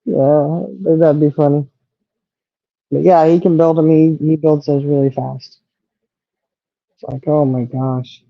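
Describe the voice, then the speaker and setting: A woman's voice: low-pitched, steady tone, slow, pauses often, no echo, dull audio. A middle-aged woman chatting casually as a livestream co-host, rambling and trailing off as she talks. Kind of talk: casual chat.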